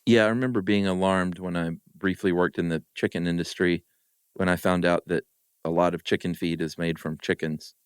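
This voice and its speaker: A man co-hosting a podcast, laid-back and quick to laugh, reading listener mail in casual chat. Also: low-pitched, fairly even intonation, clear, resonant tone, no room sound, clean studio sound. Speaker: podcast co-host.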